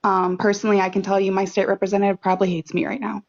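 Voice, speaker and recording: A woman from Michigan earnestly urging listeners to act, speaking in a halting way with many fillers. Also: mid-range voice, level tone, creaky. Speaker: caller urging action. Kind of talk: casual call to action. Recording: dull lo-fi audio.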